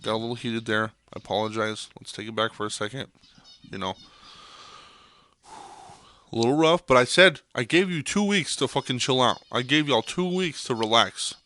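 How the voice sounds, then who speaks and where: A young podcast host delivers an intense monologue, swearing freely and hammering his points home through repetition. His medium-pitched voice is bright and forceful, moving at a normal speed.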